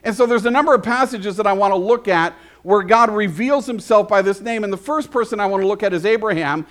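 A man's voice: high voice, fast talker, a bit bright. A man preaching a conversational sermon, often asking the congregation questions. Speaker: pastor.

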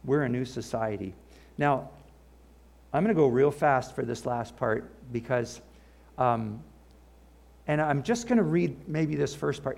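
An older man preaching a sermon, animated, with asides and the odd laugh, and a gravelly voice. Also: medium pitch, unhurried, long pauses. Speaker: pastor.

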